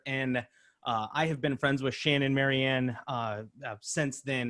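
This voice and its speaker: A man's voice: medium pitch, a bit bright. A man hosting a casual live online show, praising his guests with frequent fillers and laughs. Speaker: host.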